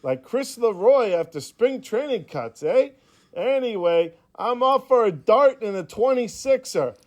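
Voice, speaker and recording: A man's voice: high voice, animated, unhurried. A man in a played voicemail, putting on a brash Canadian accent and roasting the hosts with taunting slang. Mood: mocking. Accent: put-on Canadian. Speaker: voicemail caller.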